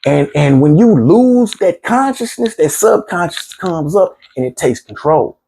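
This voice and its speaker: A man's voice: fairly high pitch, big pitch swings, unhurried, gravelly, dark tone, breathy edge. A middle-aged man candidly recounting his own past in a plainspoken, street-casual way, often repeating himself. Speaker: former prisoner telling his story. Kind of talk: candid storytelling monologue.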